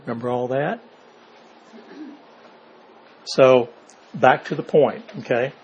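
A man leading an informal Bible study, reading verses aloud and explaining them in plain words. He keeps checking in with his listeners through quick rhetorical questions. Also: mid-range voice, highs cut off. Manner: asks rhetorical questions, checks in with "okay?" and "see?". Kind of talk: informal Bible class teaching.

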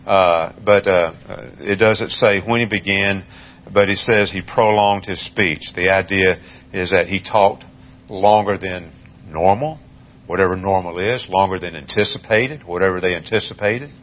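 A man giving a Bible study lesson, talking in a measured, halting way with many fillers and restarts. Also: low-pitched, muffled recording. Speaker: Bible teacher.

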